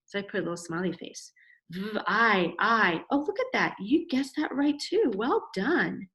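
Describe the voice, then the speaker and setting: A middle-aged woman teacher talks parents through a child's writing with steady encouragement. She praises often and slows right down to sound out each letter and word. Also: medium pitch. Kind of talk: instructional video for parents.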